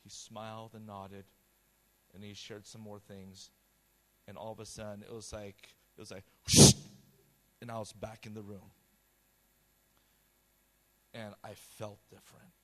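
A man preaching a sermon, telling a personal testimony with quoted dialogue in a passionate, loud style. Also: fairly low pitch, flat delivery, a little slow, pauses often. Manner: storytelling with quoted dialogue, repeated words.

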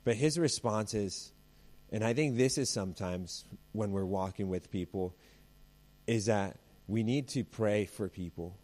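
A man's voice: lowish voice, measured pace, a little mellow. A male pastor preaching a sermon in a conversational way. He weaves family anecdotes into scripture and acts out the voices he quotes.

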